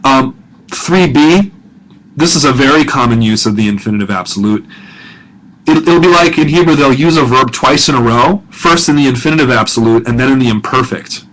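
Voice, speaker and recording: A middle-aged professor recording a grammar lesson, patiently reading words slowly, repeating them and correcting himself as he goes. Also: medium pitch, lively intonation, fairly bright tone, slight background noise, rough recording.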